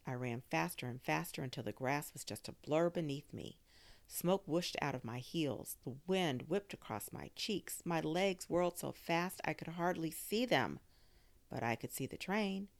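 A woman narrates a children's story with expressive storytelling. Her voice is low yet rises and falls widely, full of movement. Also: gravelly. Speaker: audiobook narrator.

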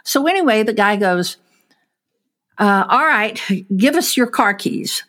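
Woman storyteller, lively, voices the quotes in her story, casual chat. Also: medium pitch, unhurried. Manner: animated storyteller, acts out quotes, laughs while telling. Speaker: storyteller guest.

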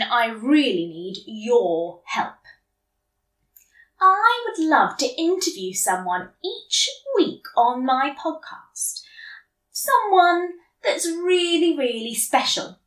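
A woman hosting a children's podcast, reading a story aloud in a gentle, animated way. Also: high-pitched, echoey room, far from the mic. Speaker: podcast host. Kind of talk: kids' podcast narration.

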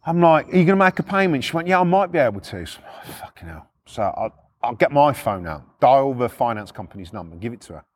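A man's voice: mid-range voice, a little fast, slightly rough. A middle-aged man, a former repossession agent, telling blunt, sweary stories in a casual way. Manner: blunt, sweary, animated retelling. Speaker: former repo man storyteller. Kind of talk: casual storytelling.

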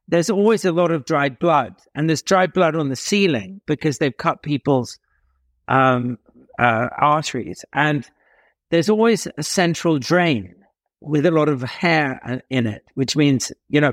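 Animated English storyteller man, dry sound. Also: dry recording. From England. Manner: animated, dramatic pauses, shifts pitch for emphasis. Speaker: guest, author and storyteller. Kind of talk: interview storytelling.

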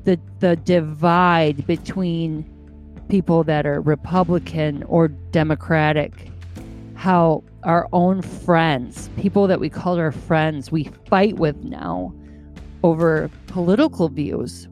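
A woman's voice: low voice, steady tone, slow, a little mellow, soft background music. A woman from the United States hosting a podcast, talking through a casual monologue in an earnest, heartfelt way, repeating phrases for emphasis. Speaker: podcast host.

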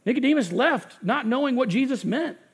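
A man preaching a sermon with passion, swinging from loud bursts to hushed, quiet stretches. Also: very high-pitched, expressive, brisk, breathy edge. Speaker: pastor.

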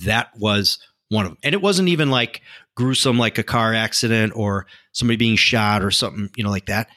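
Halting, bright-voiced man. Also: on the low side. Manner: halting, filler-heavy, repeats himself. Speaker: podcast co-host, police officer. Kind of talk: casual chat.

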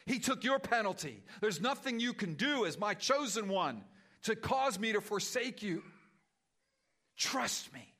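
A male pastor preaching and then leading a prayer, rising to loud fervent passages and dropping to hushed, whispered pleas. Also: high-pitched, animated, moderate pace.

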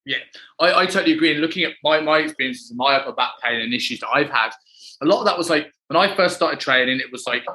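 A man's voice: a little high, fast talker, sharp tone, slight background noise, rough recording. A man hosting a podcast, chatty and rambling, with lots of "like" and "you know". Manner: chatty, rambling, many fillers. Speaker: podcast host. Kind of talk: casual podcast chat.

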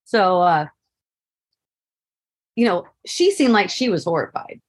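A woman's voice: on the low side, big pitch swings, slow, husky. A middle-aged woman telling a personal story in a casual spoken monologue, laughing often and asking "right?" to keep the listener with her.

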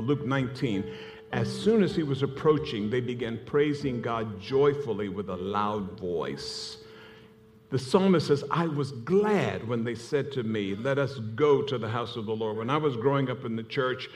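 A man's voice: medium pitch, lively intonation, normal speed, a little mellow. A man preaching a sermon in a church, telling stories with laughing asides and rising passion. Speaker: pastor. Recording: music playing behind.

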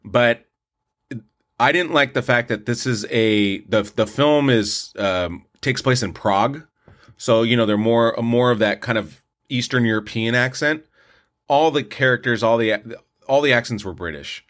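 A man's voice: medium pitch, unhurried, fairly bright tone. A man co-hosting a podcast, casually reviewing films in an opinionated, rambling way with lots of restarts. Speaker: podcast co-host, film reviewer. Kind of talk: casual movie review chat.

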